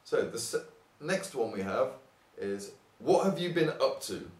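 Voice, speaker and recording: A young man from England teaching an informal English lesson, acting out example phrases with big jumps in pitch. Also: lively intonation, measured pace, darkish tone. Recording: roomy sound, mic at a distance.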